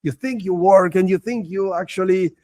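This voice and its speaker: A rabbi, a man whose voice sits high for a man, teaches a religious class in an earnest, explanatory way. He acts out little scenes, sometimes raising his voice sharply. The sound is dry and close, with no room echo. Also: moderate pace. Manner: earnest, animated, acts out short scenes in a raised voice.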